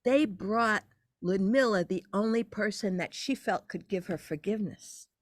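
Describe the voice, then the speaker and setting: An older woman, a podcast guest, telling a long personal story in an animated way, her pitch leaping as she relives moments. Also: normal speed, no room sound. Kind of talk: casual storytelling interview.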